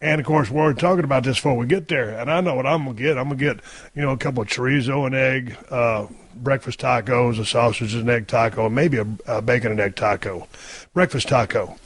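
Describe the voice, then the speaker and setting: A man hosting a podcast, telling a story casually, loud and profane, mocking himself. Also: mid-range voice, brisk, breathy edge, no echo. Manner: loud, swearing, self-mocking. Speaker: podcast host. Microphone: close podcast microphone.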